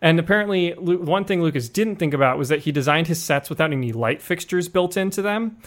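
Male podcast host, higher voice, chatty anecdotal delivery. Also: expressive, brisk. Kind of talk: casual storytelling chat.

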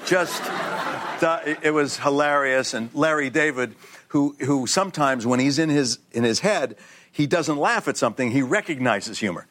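A middle-aged man sits as a guest on a studio talk show and spins an animated anecdote, slipping into other people's voices as he goes. His pitch sits in a plain middle range, and laughter keeps breaking through the telling. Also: normal speed. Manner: lively storyteller, acts out voices, laughs often. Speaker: guest actor.

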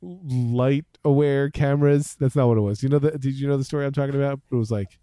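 Mellow-voiced man chatting casually. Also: medium pitch, steady tone, fast, no room sound, studio quality. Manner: rambling, self-interrupting, jokey. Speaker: podcast co-host. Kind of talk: casual tech chat.

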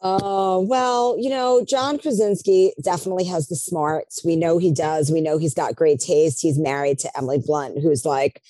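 Female co-host, lowish voice, animated playful hype; dry close mic. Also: normal speed, hardly any pauses, no echo, rough recording. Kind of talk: casual pop-culture chat.

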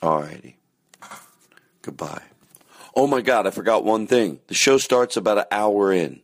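Fields: Sex: man. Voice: very low. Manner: rambling pre-show chat. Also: expressive, unhurried. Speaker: podcast host. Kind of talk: casual pre-show monologue.

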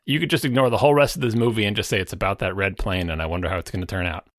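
A man's voice: lowish voice, steady tone, rapid-fire, no echo. A man co-hosting a podcast, dissecting a film analytically with dry humor, recorded on a close mic. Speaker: podcast co-host. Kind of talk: casual film discussion.

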